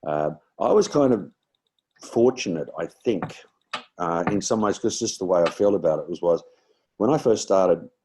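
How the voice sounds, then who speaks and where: A man's voice: deep voice, lively intonation, normal speed, darkish tone, a little hiss or hum. A man in his sixties with an Australian accent, a guest comedian telling rambling stories in a casual chat, with many fillers and restarts.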